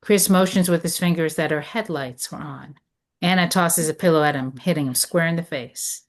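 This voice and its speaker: A woman reads stage directions aloud in a low voice. Her delivery is measured and descriptive, setting each scene plainly. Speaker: narrator reading stage directions. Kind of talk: script read of stage directions.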